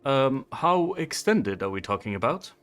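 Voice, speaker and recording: A brusque hotel manager with a heavy Italian accent, as a man puts him on in a tabletop game. He talks fast and bargains smoothly, his pitch rising and falling a lot. Soft music plays behind him. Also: sing-song. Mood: bargaining. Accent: Italian, put on. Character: brusque male hotel manager woken at night. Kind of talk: tabletop role-play voicing.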